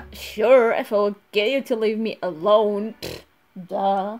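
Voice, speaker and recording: A woman's voice: mid-range voice, expressive, measured pace, darkish tone, faint music behind. A young woman hosting a gaming channel, giggling and talking to herself as she plays. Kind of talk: let's play commentary.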